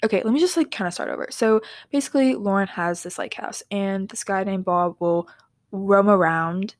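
A young woman hosts a casual podcast and wanders through stories with giggles and apologetic asides. She often sinks into near-whispers. Her voice has a gravelly fry, and the sound is dry and close to the mic. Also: mid-range voice, normal speed, no echo. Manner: rambling, drifts into soft whispers. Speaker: podcast host.

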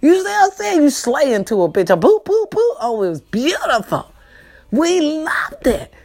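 A woman speaking, casually addressing viewers in a monologue that moves between lively, swearing storytelling and slow, subdued grieving. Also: high voice. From California. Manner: animated and swearing at first, then slow and subdued while grieving. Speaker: host.

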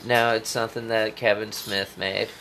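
A man co-hosting a podcast in casual chat, halting and laid-back. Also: fairly low pitch, flat delivery, pushed and bright, slight background noise. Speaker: podcast co-host.

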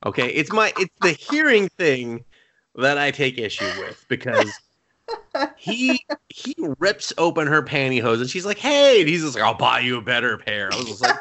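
A man co-hosting a casual podcast chat, talking in an animated way with lots of swearing and mocking put-on quotes. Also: mid-range voice, moderate pace. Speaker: podcast co-host.

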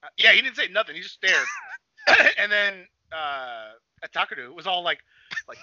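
A young man chatting on a podcast, excitable and swearing a lot, acting out scenes with sudden shouts. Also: high voice, moderate pace, no room sound, highs cut off. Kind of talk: excited casual chat.

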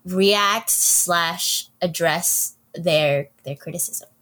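A woman's voice: on the low side, drawn-out words, fairly bright tone. A woman hosting an interview, enthusiastic and supportive, asking questions with plenty of ums and likes. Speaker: interviewer, host.

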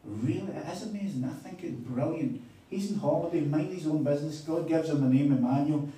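A man's voice: a little high, brisk. Man preaching in an echoey hall. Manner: animated, chatty storytelling with quoted dialogue. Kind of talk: sermon with storytelling. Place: conference hall on a weekend retreat. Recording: echoey hall, mic at a distance.

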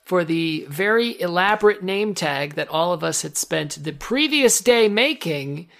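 A woman trading deadpan jokes in a casual chat. Her voice sits low, with a gravelly fry running through it. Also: a little slow. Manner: deadpan, dry one-liners.

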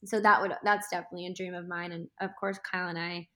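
A woman's voice: on the low side, level tone, quick pace, fairly bright tone. A young woman talking as a guest on a podcast, chatty and laughing often. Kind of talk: casual interview chat.

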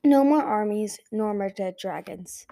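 A woman's voice: medium pitch, unhurried, gravelly, warm tone. A woman reading as an earnest young dragon. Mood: firm. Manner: firm and earnest. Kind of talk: amateur audiobook reading.

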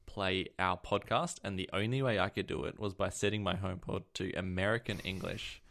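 A man's voice: low-pitched, fairly even intonation, fast talker, vocal fry, fairly bright tone. A man co-hosting a casual tech podcast, telling stories in a rambling way and correcting himself as he goes. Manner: rambling, self-correcting storyteller. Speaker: podcast co-host.

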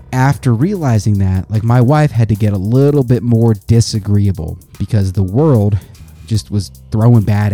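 A young adult man hosting a podcast, reading quotes aloud and riffing on them in a profane, animated way. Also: on the low side. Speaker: podcast host. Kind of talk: casual podcast commentary.

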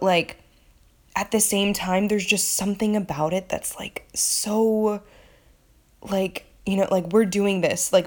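Woman, lowish voice, loose enthusiastic fan commentary, full of fillers. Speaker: TV episode reviewer. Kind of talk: casual, rambling commentary.

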